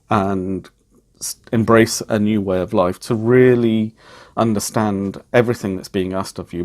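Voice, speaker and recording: A middle-aged man, speaking in a measured, reflective way as he vlogs, with frequent ums. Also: lowish voice, darkish tone. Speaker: vlogger. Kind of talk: reflective personal vlog talk.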